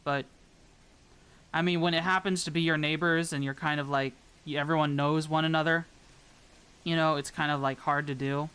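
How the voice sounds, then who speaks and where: A Southern American woman streams as a VTuber, building a model while chatting casually with viewers. Her low voice is steady, clean and fairly bright, and she rambles chattily at a moderate pace.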